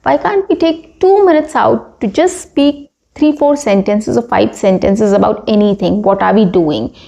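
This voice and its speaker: A woman's voice: medium pitch, a little slow, creaky, warm tone. A woman with an Indian English accent teaching a spoken English lesson, coaching learners and running through lists with frequent "right?" checks.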